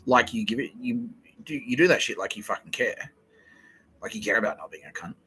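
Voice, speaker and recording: A young man hosting a podcast, rambling through a profane, excitable solo monologue that jumps from idea to idea. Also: mid-range voice, husky, rough recording. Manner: profane, excitable, fast-shifting and digressive. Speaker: podcast host.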